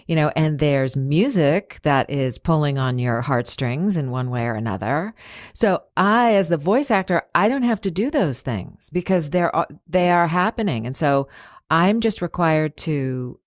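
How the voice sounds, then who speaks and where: A woman hosting a casual interview podcast. Her voice sits low, and she talks in a reflective, rambling way, full of small fillers. The recording is dry, with no room sound. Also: no echo. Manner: thoughtful, many "you know" fillers. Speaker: podcast host.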